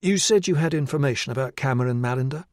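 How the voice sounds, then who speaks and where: A male audiobook narrator voicing a woman detective chief inspector, brisk and direct in an interview room. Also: mid-range voice, a little mellow, no room sound, clean studio sound, pitched above the performer's own voice, natural voice. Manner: crisp, businesslike questioning.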